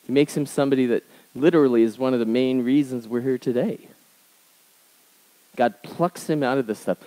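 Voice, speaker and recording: A male pastor delivering a sermon, telling stories in a conversational way and swinging between emphatic raised passages and quiet, low asides. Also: poor audio.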